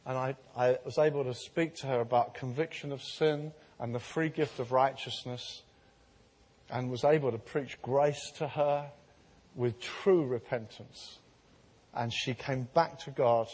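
A man preaching a sermon, telling stories of healing and building to an emphatic, animated delivery. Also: medium pitch, husky. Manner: storytelling, growing animated and emphatic. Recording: long reverb of a large hall.

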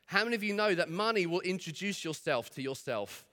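A man's voice: high-pitched, expressive, a little fast, bright, forceful tone. A man preaching a sermon in church in a chatty, storytelling way. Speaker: pastor.

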